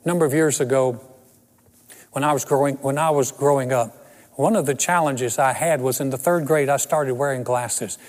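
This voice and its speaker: A man's voice: mid-range voice, moderate pace, darkish tone, long reverb tail. A man in his sixties preaching a sermon and telling personal stories with self-deprecating humor. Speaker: pastor.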